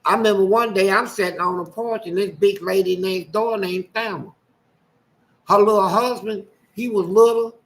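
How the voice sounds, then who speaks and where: An older man, telling colorful stories from his past in a casual, animated way. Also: high voice, vocal fry, low-quality recording. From Louisville, Kentucky. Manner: animated, colorful, acting out voices. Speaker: storyteller guest. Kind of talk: casual storytelling.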